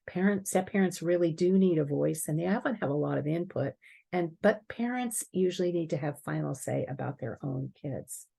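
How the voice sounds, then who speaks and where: A woman giving a prepared talk on stepfamily life, explaining earnestly and clearing her throat now and then. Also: sits low, darkish tone.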